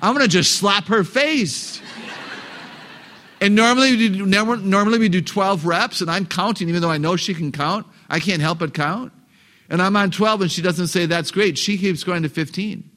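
Male seminar speaker, upbeat and humorous, quizzes the crowd, higher-pitched voice. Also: moderate pace. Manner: animated, joking, asks the audience questions. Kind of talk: live talk to an audience of parents.

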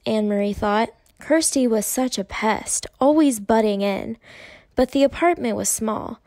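A woman's voice: fairly high pitch, creaky, a little mellow, no echo. Woman reading a story aloud. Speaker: audiobook narrator. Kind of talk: scripted narration.

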